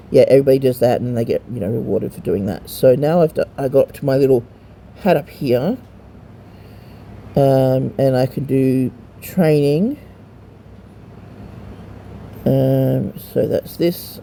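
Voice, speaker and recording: Male gamer, deep-toned and gravelly, casual hesitant walkthrough with lots of filler and the odd swear. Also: warm tone, slight background noise. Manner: rambling and hesitant, many ums and restarts. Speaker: mobile gamer showing a game to a friend.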